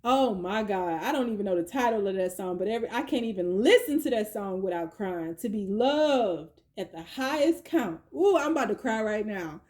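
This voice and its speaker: A woman giving a chatty tarot reading, slangy and playful, with quick asides. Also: medium pitch, animated, darkish tone. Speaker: tarot reader. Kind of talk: casual tarot reading monologue.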